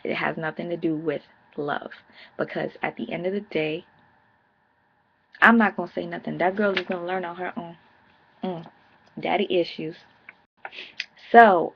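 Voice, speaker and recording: A woman's voice: lowish voice, vocal fry, breathy edge, highs cut off. A woman in her thirties recapping a reality show episode in a blunt, sassy, profane way. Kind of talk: casual vlog recap.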